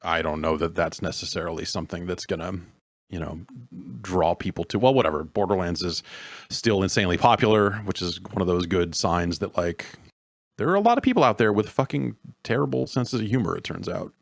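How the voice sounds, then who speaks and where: A man hosting a casual podcast, rambling and halting, with dry sardonic remarks. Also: deep voice, lively intonation, vocal fry, no room sound. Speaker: podcast host. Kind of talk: casual chat.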